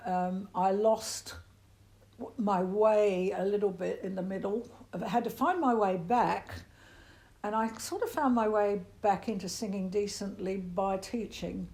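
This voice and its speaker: An older Australian woman talks through her years of singing and teaching. She speaks with lively energy and now and then jumps her pitch high to show a sound. Her pitch sits mid-range for a woman. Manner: animated, demonstrates voices with big pitch jumps. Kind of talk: interview answers.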